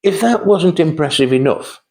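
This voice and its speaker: A man's voice: fairly high pitch, animated, moderate pace, a little mellow. An older man telling rambling, chatty anecdotes about his early sales days. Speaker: host telling sales stories. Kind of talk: casual storytelling monologue.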